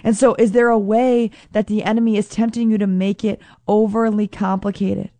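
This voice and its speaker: A woman's voice: medium pitch, flat delivery, moderate pace, warm tone, no room sound. A woman preaching a casual sermon, reading scripture and then explaining it informally, calling her listeners friends.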